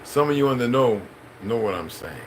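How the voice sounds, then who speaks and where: A man's voice: mid-range voice, animated, brisk, a little hiss or hum, low-quality recording. A middle-aged man, a channel host, in a rambling, profane, preachy unscripted monologue.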